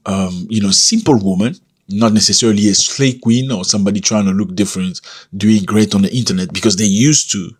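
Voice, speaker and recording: A man hosting a casual commentary video, talking in an animated, emphatic way and jumping up in pitch to stress his points; English is not his first language. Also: breathy edge. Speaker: commentary channel host.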